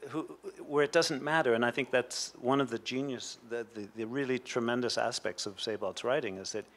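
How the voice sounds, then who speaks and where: A man's voice: medium pitch, a little fast, a bit bright. A man speaking on an academic panel, explaining at length in a discursive way. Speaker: panelist at a literary roundtable.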